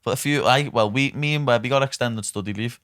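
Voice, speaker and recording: A man's voice: mid-range voice, fast, a bit bright, smooth, no room sound, clean studio sound. A young man, hosting a podcast and chatting casually, swearing and saying "lad" all the time. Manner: swears often, says "lad" constantly. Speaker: podcast host. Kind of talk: casual chat. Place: podcast studio.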